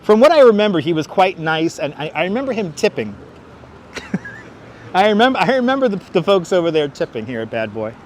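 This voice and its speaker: A Brooklyn-born livestream host with a high voice and big pitch swings talks a little fast on a casual tour of busy city streets. He rambles chattily, jokes along the way, and answers viewers' chat questions aloud. A wireless clip-on mic and gimbal-mounted phone record him, with a little hiss or hum.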